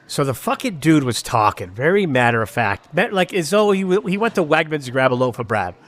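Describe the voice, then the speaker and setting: His voice runs on the high side with big pitch swings, fairly quick and fairly bright. An older man from Rochester, New York, with a Western New York accent, he hosts a profane live podcast in a neighborhood bar, spinning long, rambling, swear-filled stories and restarting often.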